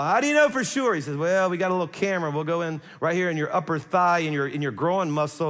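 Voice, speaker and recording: A middle-aged man, a pastor, telling a personal story in a sermon, animated and conversational, acting out what people said. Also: a little high. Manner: animated, conversational, acts out quotes. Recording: long hall reverb.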